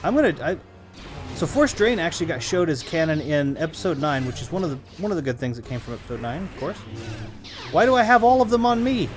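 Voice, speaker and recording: A man streams a video game and chats with his viewers in a rambling way, humming between remarks. His voice sits a bit high for a man. Faint music plays in the background. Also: sing-song, fast talker. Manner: chatty and rambling, answering viewers while playing. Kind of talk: casual live-stream commentary.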